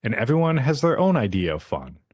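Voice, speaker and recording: A man's voice: mid-range voice, very animated, brisk, a little mellow, breathy edge. A man hosting a podcast, casually recapping an anime episode and acting out the characters' lines with frequent swearing.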